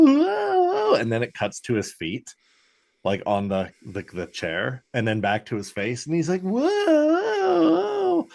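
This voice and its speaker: A man co-hosting a podcast, recapping a TV episode in casual chat, rambling with lots of fillers and cussing. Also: fairly low pitch. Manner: rambling, heavy "like" fillers, swearing, mock voices for characters. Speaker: podcast co-host.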